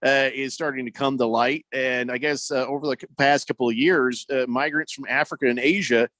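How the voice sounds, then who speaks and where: A man co-hosting a sports radio show, reading listener messages out loud and riffing on them in a loose, joking way with plenty of fillers. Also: medium pitch, fairly even intonation, a little fast, no room sound. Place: radio studio.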